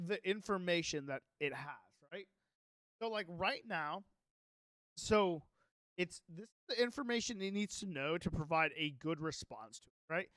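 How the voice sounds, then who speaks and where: A man's voice: high-pitched, a bit bright, dry recording, clean studio sound. A young man live-streaming a game, chatting loosely with his viewers and reading his own notes aloud in a rambling way. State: sleepy, yawning. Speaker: Minecraft streamer. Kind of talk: casual live-stream chat.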